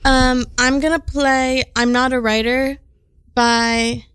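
An easygoing woman co-host who describes things at an unhurried pace. Her voice is smooth and slightly high. The sound is dry and close to the mic. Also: level tone, fairly bright tone, no room sound, rough recording. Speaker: podcast co-host. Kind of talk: casual chat.

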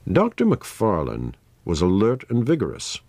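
A man reading a story aloud in a measured, dramatic manner. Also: lowish voice, wildly swooping pitch, darkish tone, no echo. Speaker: narrator. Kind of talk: scripted story narration.

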